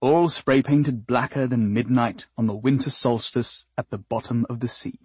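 A man's voice: medium pitch, fairly even intonation, moderate pace, darkish tone, breathy edge, dry recording. A man reading a novel aloud as an audiobook narrator, with wry, dryly comic storytelling. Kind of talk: expressive scripted narration.

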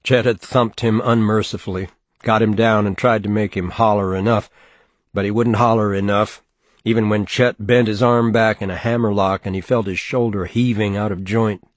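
A man narrating a novel in a measured, steady audiobook reading on a close mic. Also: lowish voice, no room sound. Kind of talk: scripted narration.

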